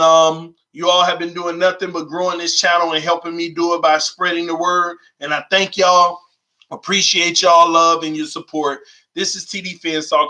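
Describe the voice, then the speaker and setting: A man hosting a sports fan channel, chatting casually and excitedly with his viewers and reading their comments aloud. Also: on the high side, slight background noise, rough recording. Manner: excited, informal, talks to viewers as y'all. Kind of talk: casual vlog chat reading live comments.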